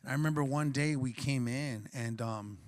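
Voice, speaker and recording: A man at a mid-range pitch shares a personal story on a conference panel. He speaks earnestly and reflectively, with casual slang. His voice is captured dry, with no room echo. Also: moderate pace. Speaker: panelist and coffee shop co-owner.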